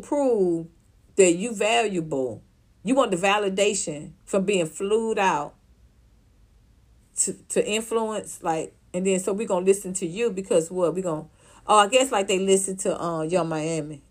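A woman, ranting casually to her livestream viewers, profane and animated, often laughing. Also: lowish voice, measured pace. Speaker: vlogger reacting to viewer comments.

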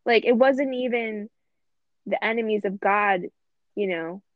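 A woman's voice: medium pitch, measured pace, no room sound. A woman co-hosting a casual faith discussion, talking earnestly and reflectively and often quoting scripture. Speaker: podcast co-host. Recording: dry, tinny phone-like line.

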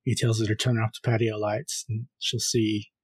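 A man co-hosting a film podcast, casually recapping a horror movie scene by scene and reading the caller's lines flatly. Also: lowish voice, moderate pace, breathy edge. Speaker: podcast co-host.

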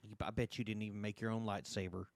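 A man co-hosting a podcast, tossing in quick reactions and wisecracks in casual chat. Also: fairly low pitch, level tone, vocal fry, dry recording, clean studio sound. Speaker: podcast co-host.

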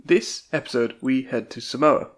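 A man hosting a podcast, briskly running through the usual intro. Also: mid-range voice, crowd noise. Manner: brisk, reads out routine links. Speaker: podcast host.

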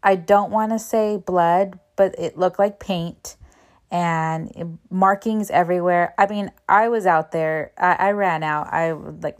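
A woman's voice: on the low side, steady tone, unhurried. A woman who works as a real estate agent, telling stories in a casual, earnest vlog and acting out the people she quotes.

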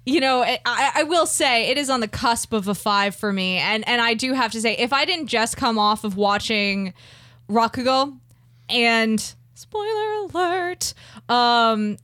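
A woman co-hosting an anime podcast, talking casually in a halting way with many restarts. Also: fairly high pitch, sharp tone, no room sound, studio quality. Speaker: podcast co-host. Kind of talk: casual podcast review chat.

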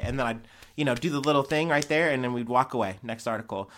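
A man's voice: mid-range voice, animated, fast talker, fairly bright tone. A man hosting a podcast, talking through news stories in a rambling, profane, heated way. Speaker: podcast host. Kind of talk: casual news commentary.

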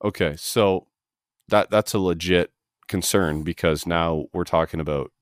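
Unhurried and clear, this Canadian host has a low, resonant voice captured at studio quality without any room sound. He conducts a casual interview for his trade podcast from a home basement studio, talking in a chatty, meandering way and regularly restarting sentences.

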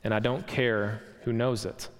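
A man's voice: medium pitch, steady tone, measured pace, natural voice. A man voicing a self-righteous, indignant ghost who insists on his rights, in a raised, blustering voice. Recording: long hall reverb.

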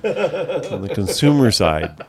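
A man's voice: medium pitch, huge pitch swings, slow pace, a loud crowd. A man co-hosting a podcast, telling a story in wry, casual chat. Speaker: podcast co-host.

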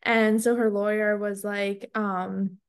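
A woman's voice: mid-range voice, slow, clean tone. A woman in her thirties co-hosting a podcast, telling a story with lots of fillers and frequent laughter. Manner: storytelling, animated, laughs often, many "like" fillers. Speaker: podcast co-host. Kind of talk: casual podcast chat.

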